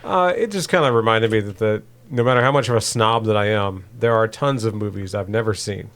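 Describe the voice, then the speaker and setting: A man's voice: on the low side, fairly quick, fairly bright tone. A man co-hosting a podcast, chatting casually and laughing easily while narrating his video game play. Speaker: podcast co-host playing the game.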